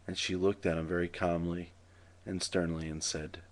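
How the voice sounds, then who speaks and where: A man telling jokes to his camera in a casual, dry, deadpan way. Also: sits low, normal speed. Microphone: camera mic.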